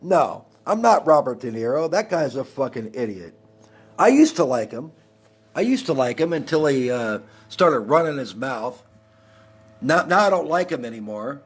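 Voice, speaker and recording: A man's voice: mid-range voice, very animated, normal speed, husky. A man in his forties from Texas, hosting a heated, profane rant on his live stream. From El Paso, Texas. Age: 40s. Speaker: livestream host.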